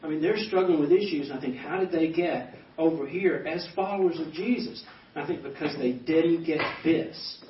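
A man in his fifties, a pastor giving a personal testimony, animated and acting out quoted dialogue as he tells stories. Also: a little high, normal speed, few pauses, slight background noise. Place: banquet hall. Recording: echoey hall, distant dull mic.

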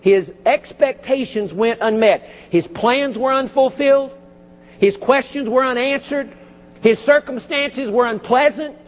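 A pastor preaching a sermon, with lively emphasis and folksy asides, recorded in a church. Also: male voice, very high-pitched, measured pace. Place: church sanctuary. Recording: dull audio with long church reverb.

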